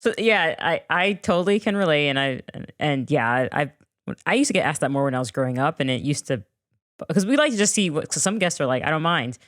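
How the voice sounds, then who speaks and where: Podcast host, fast, agreeable and relatable, dry close recording. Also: medium pitch, animated, a bit bright, no echo. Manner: relatable, agreeable listener who laughs along. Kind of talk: casual interview chat.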